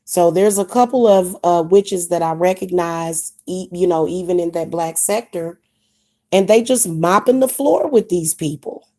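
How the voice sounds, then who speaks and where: Woman, young adult, Kansas City accent, warm low-key timbre, candid vlogger rambling repetitively. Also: a little slow. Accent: Kansas City, Missouri. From Kansas City, Missouri. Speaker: witch vlogger. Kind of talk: casual vlog monologue.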